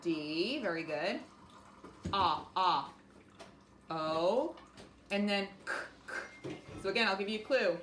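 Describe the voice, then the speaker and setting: A woman teaching a phonics lesson to young children, speaking slowly and clearly and encouraging them. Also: medium pitch, lively intonation. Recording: echoey room with faint noise.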